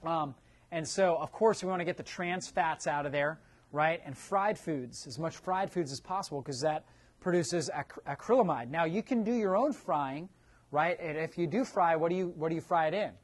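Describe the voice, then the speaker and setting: A man's voice: on the high side, moderate pace. A man presenting a nutrition seminar to a live audience, quizzing the room and tagging his points with "right?". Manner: keeps checking in with a tag "right?".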